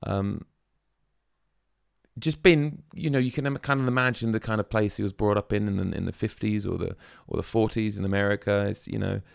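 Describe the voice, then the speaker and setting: A man's voice: on the low side, a little fast, gravelly, dry recording, studio quality. A man hosting a music reaction video, musing aloud in a casual, chatty way with plenty of fillers.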